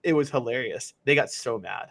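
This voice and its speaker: A man's voice: medium pitch, moderate pace, creaky, a bit bright. A man co-hosting a sports talk show, talking casually with a joking, sarcastic manner.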